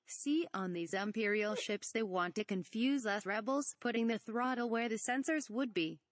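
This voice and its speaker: A woman's voice: on the high side, moderate pace, no room sound, natural voice. A woman reading the lines of a cocky, rambling male space smuggler pilot in a read-aloud parody script, with a bluffing, offhand delivery.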